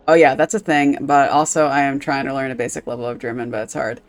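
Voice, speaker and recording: A woman's voice: rumbling low, level tone, fast, hardly any pauses, faint music behind. A woman streaming a game, chatting casually, rambling with lots of fillers and swearing freely.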